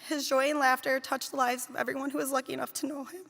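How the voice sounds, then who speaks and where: A woman's voice: high-pitched, level tone, fast talker, gravelly, a bit bright. A woman who cared for two children gives a read memorial speech, tender and fond as she tells their stories. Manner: heartfelt, tender, fond storytelling. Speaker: nanny giving a eulogy. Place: large theater hall. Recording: long reverb of a large hall.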